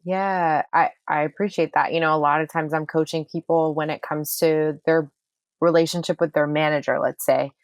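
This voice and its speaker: A woman with a notably low voice explains her ideas with emphatic repetition. She talks in a relaxed podcast conversation, close to the mic in a dry room. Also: normal speed, dry recording. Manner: emphatic, repeats phrases for effect. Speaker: manifestation coach and astrologer.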